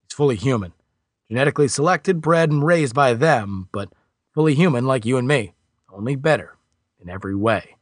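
A man narrating an audiobook voices a stern, seasoned male scholar who speaks firmly and in measured steps. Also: mid-range voice, expressive, dry recording, clean studio sound, lightly acted. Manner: firm, measured.

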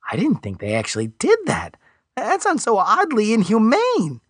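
A man's voice: huge pitch swings, normal speed, no echo, studio quality, exaggerated voice. A man narrating an audiobook voices an impulsive young male traveler in a raised, protesting voice. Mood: uneasy. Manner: protesting, raised pitch, drawn out.

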